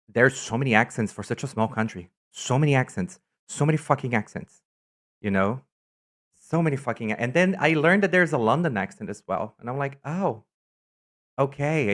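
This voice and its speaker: A man's voice: mid-range voice, expressive, moderate pace, fairly bright tone. A man from Brazil with a São Paulo Brazilian accent, a native Portuguese speaker, chatting casually and rambling as he reads viewer comments on a stream.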